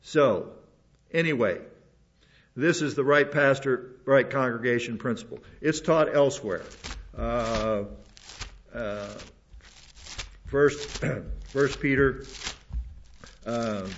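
A man's voice: medium pitch, slow pace, long pauses, a little hiss or hum. An older man, a pastor, preaching a rambling sermon with many restarts and asides. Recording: dull lo-fi recording.

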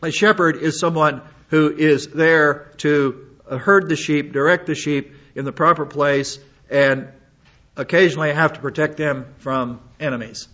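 A man's voice: fairly high pitch, steady tone, unhurried, fairly bright tone. An older man preaching a sermon as a pastor, folksy and rambling, with many restarts and asides. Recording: slightly dull lo-fi recording.

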